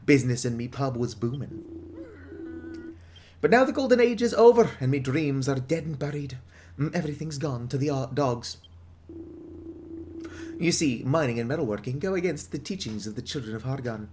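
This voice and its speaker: A man's voice: medium pitch, expressive, normal speed, long pauses, a little mellow, a little hiss or hum, natural voice. A man voicing a chatty, gloomy older woman who runs a pub, in a put-on British accent with theatrical reading. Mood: gruff.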